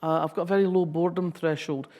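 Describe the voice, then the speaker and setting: A woman's voice: fairly low pitch, steady tone, fast, mellow. A Scottish woman in her sixties giving a public talk, reading a passage and then telling wry, humorous anecdotes.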